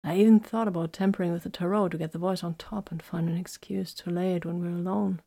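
A woman's voice: lowish voice, fairly even intonation, brisk, gravelly. A woman whispering as a wounded, weary female warrior. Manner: soft, weary, quietly teasing. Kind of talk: whispered role-play.

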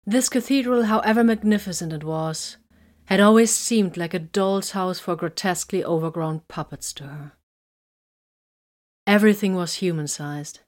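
A woman's voice: lowish voice, a little mellow. Woman narrating a sci-fi story. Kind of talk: scripted narration.

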